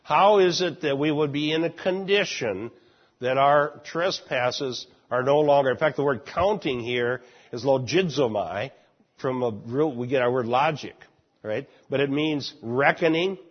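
A man's voice: medium pitch, unhurried. A man teaching a Bible study class, explaining a passage and asking the class questions along the way. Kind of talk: Bible class lecture and discussion. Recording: muffled lo-fi recording.

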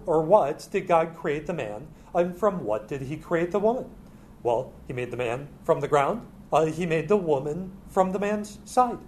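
A man teaching through a Bible passage in a halting way, with many filler sounds. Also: a little high, a little mellow, a little hiss or hum.

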